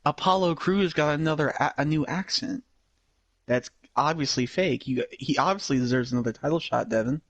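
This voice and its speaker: A man's voice: a little high, normal speed, a bit bright, no echo. A man co-hosting a casual wrestling review, making jokes and laughing often. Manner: joking, laughs between lines. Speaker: podcast co-host.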